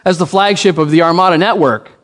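Animated preaching man. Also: sits high, fast talker, in a large hall. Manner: animated, rising to emphatic calls. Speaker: pastor. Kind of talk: sermon with storytelling.

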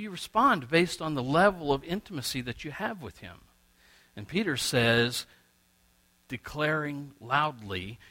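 A middle-aged male pastor preaching a sermon, swinging between loud and quiet as he acts out little exchanges. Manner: preaching with wide swings in pitch and loudness, acting out quoted exchanges.

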